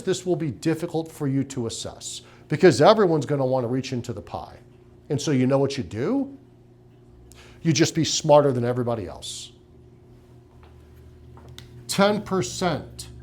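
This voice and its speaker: A man's voice: fairly high pitch, a little mellow. Emphatic, punchy middle-aged man. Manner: emphatic, punchy, rhetorical questions. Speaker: practice consultant. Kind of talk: business training talk to clinic owners.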